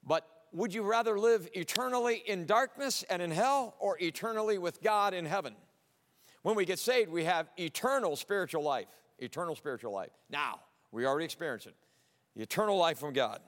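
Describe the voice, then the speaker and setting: High-voiced man preaching in a reverberant hall. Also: expressive, brisk. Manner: emphatic, swings between loud declarations and low earnest asides. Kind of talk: sermon.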